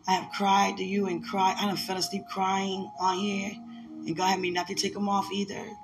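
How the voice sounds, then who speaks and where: A woman's voice: mid-range voice, level tone, normal speed, music in the background. A woman giving a heartfelt, emotional religious message, repeating herself and laughing often.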